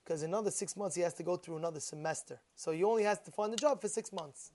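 A man, a rabbi giving a Torah class, telling a story with lively acted-out dialogue, repeated phrases and Hebrew and Yiddish words mixed in. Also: sits high, fast talker. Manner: animated, acts out quoted dialogue, repeats phrases.

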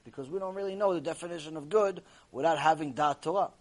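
A man teaching a Torah class to a live audience, telling stories in an animated way and using many Hebrew terms. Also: fairly high pitch, quick pace.

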